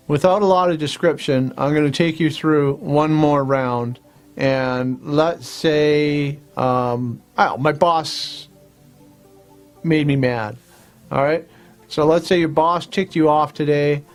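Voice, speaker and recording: A man with a slightly high voice leads a guided tapping lesson. He moves steadily from point to point, repeating short affirmation phrases in a relaxed, plain-spoken manner. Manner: repetitive instructional talk with affirmation phrases. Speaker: host and tapping practitioner.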